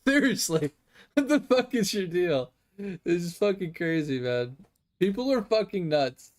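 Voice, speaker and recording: A man's voice: sits high, big pitch swings, a little slow. A man ranting casually about a news clip while playing a game, swearing often and exasperated, with many fillers. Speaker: gaming streamer. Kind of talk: casual rant while gaming.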